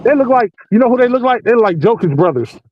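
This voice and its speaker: Speaking fast in a very high voice, a man in his forties laughs his way through profane, animated stories in a casual chat. He's a podcast host working night security patrol, and the recording from inside a parked vehicle is muffled and lo-fi with faint hiss.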